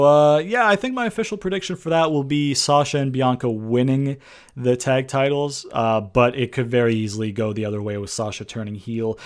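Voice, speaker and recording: Casual male vlogger, mid-range voice, rambling and blunt, swears freely, sarcastic edge. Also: medium pitch. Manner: rambling, with frequent ums and restarts; blunt and profane, with sarcastic jabs. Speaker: wrestling predictions vlogger. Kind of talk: casual spoken commentary.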